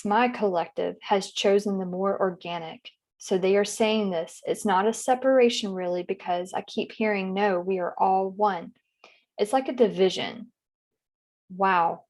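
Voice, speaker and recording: A woman's voice: mid-range voice, darkish tone. Dreamy woman narrating a trance. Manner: dreamy, halting, emotional. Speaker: session client. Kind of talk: narrating a guided trance session.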